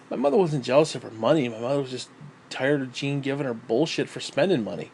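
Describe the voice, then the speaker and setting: A writer talks about his books in a loose, wandering monologue, cursing freely and trailing off into fillers. His voice is mid-range, gravelly and a bit dark, and he speaks quickly. There's a little background noise.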